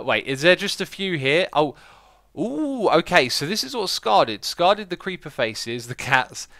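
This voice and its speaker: A man chatting casually as he streams a game, excitable and quick to laugh. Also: mid-range voice, no echo, clean studio sound. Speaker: livestreaming gamer. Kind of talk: casual gameplay commentary.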